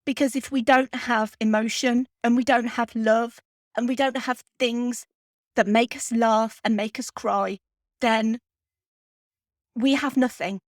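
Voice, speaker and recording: A woman hosts her podcast, fighting back tears as she speaks earnestly and heartfelt, pausing often. Her voice sits a touch high, recorded close on the mic in a dry, dead room. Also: steady tone, no room sound. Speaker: film podcast host. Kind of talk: heartfelt spoken podcast tribute.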